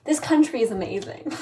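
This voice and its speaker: Her voice is high-pitched yet dark in tone: an American woman in her twenties, studying abroad, talks casually to camera. Expect plenty of "like" fillers and laughter, with noisy handheld vlog sound from her apartment and the streets.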